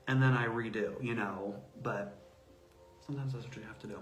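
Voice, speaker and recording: Animated man in a roomy space. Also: lowish voice, a little fast. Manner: animated storyteller acting out quoted voices. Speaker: guest, autistic self-advocate. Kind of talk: casual interview talk. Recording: roomy echo.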